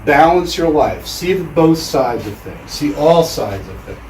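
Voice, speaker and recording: A man giving a storytelling lecture in a measured way with deliberate pauses, in a lecture room. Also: a little high, lively intonation, darkish tone, slight background noise. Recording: roomy hall, mic far off.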